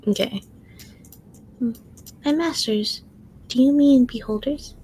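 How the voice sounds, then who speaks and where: A woman's voice: high-pitched, slow, mellow, husky, rough recording. A woman playing in a tabletop role-playing game, asking questions in character and out. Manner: curious, questioning. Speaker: player.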